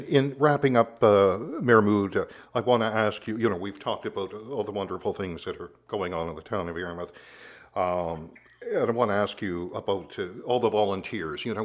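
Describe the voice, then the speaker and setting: A man co-hosting a podcast who asks his questions politely, in a halting way with many fillers. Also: lowish voice. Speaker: podcast co-host. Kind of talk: casual interview chat.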